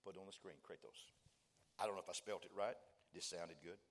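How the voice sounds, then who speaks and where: A man's voice: sits low, fairly even intonation, fast talker. A male preacher delivering a sermon, mixing folksy joking asides to the congregation with rising, fervent declarations. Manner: builds to fervent shouting, acts out dialogue.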